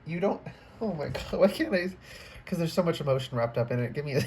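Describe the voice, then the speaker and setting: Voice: mid-range voice, expressive, brisk, a little mellow, slightly rough. A tarot reader giving a casual, rambling reading to camera indoors, often trailing off, restarting and becoming emotional. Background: faint computer fan hum.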